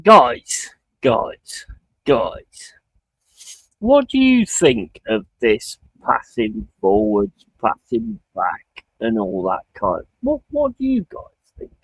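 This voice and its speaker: A man's voice: medium pitch, huge pitch swings, takes it slowly, breathy edge, no room sound, rough recording. A young man chatting casually on a live stream, sweary and prone to ranting. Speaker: streamer watching a football match.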